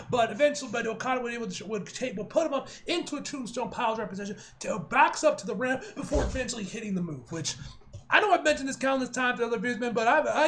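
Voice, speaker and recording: A young man giving an excitable, slangy wrestling review, laughing and swearing often. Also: sits high. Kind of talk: casual video review.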